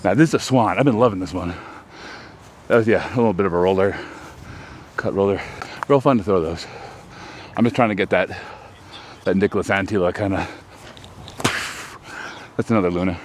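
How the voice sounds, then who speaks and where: Deep-voiced guy rambling casually outside, self-deprecating, faint noise behind. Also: fairly quick, long pauses. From Texas, US. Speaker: host. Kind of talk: casual vlog commentary. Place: outdoors on a disc golf course.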